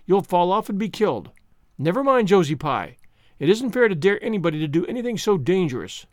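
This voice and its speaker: A man's voice: high-pitched, big pitch swings, fairly quick, dry recording, studio quality. A man reading aloud, voicing an anxious, pleading young girl. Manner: pleading, fretful. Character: anxious young girl, the heroine's loyal friend.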